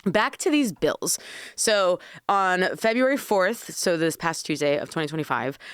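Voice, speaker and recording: A woman hosting a casual podcast, chatty and quick to laugh, with casual swearing. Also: lowish voice, lively intonation, smooth, dry recording. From Washington State. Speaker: podcast host, cannabis consultant.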